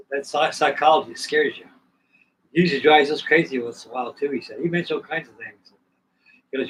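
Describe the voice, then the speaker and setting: A man in his sixties, hosting a live stream, tells a long, meandering story, often restarting and slipping in asides. His voice is a little high and a bit bright, moving at a moderate pace with frequent pauses. He's recorded on a far-off mic with faint background noise.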